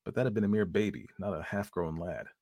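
Low-voiced male storyteller. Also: fast, darkish tone, dry recording, studio quality. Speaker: narrator. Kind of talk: storytelling reading.

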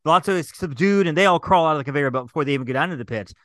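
A man's voice: a little high, expressive, rapid-fire, a bit bright, no echo, studio quality. A man co-hosting a podcast, talking enthusiastically and rambling with lots of fillers about movies he loves. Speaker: podcast co-host. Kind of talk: casual chat.

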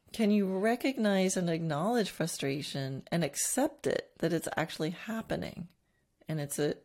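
A woman horse trainer talking to her students in a reflective, teaching way, with soft laughs and restarts. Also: lowish voice. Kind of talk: teaching talk.

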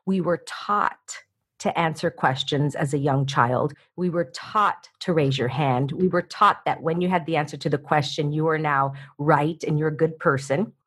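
A woman talking as an interview guest, energetic and coaching, often slipping into little acted-out voices. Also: sits low, moderate pace, slightly rough. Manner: energetic, acts out voices in quotes. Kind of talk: animated interview talk.

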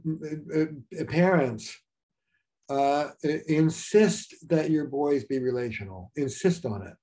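An older man speaks with a dark, mellow tone as a guest therapist in an interview. His talk is frank and anecdotal, full of fillers and quick restarts. He sounds unhurried and plain-spoken. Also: medium pitch.

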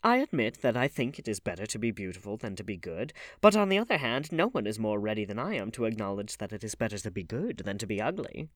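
A man voicing a cynical aristocratic gentleman in an audiobook, speaking in languid, paradoxical quips. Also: lowish voice, big pitch swings, quick pace, hardly any pauses, no room sound, studio quality. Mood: wry.

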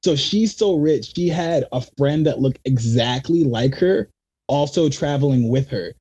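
A young man, a magician, telling rambling, animated stories in a casual interview and acting out quotes. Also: medium pitch, a little slow, breathy edge. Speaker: magician guest.

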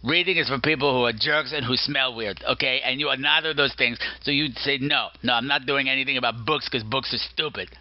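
A man's voice: medium pitch, brisk, few pauses, lo-fi sound, pitched below the performer's own voice, natural voice. Man doing Flem, a rude mocking gargoyle. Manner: mocking, insulting, rambling and self-important. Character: rude, boastful male gargoyle, mischievous rebel.

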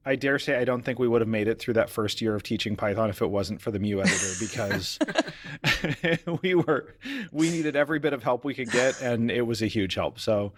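A man's voice: lowish voice, quick pace, hardly any pauses, no echo. Man, podcast co-host, upbeat and welcoming, casual chat, dry close-miked sound. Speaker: coder who teaches.

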